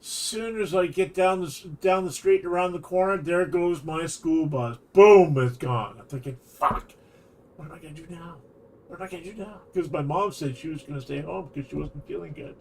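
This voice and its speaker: A man's voice: on the high side, moderate pace, vocal fry. A Canadian man streaming a game, telling a long rambling story with false starts and laughs. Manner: rambling, animated anecdote with restarts and laughs. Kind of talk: casual storytelling while gaming.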